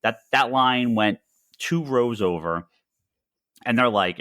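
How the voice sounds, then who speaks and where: A man's voice: medium pitch, slow pace, long pauses, pushed and bright, dry recording, studio quality. A man hosting a podcast in casual chat, rambling with many restarts and swearing freely. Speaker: podcast host.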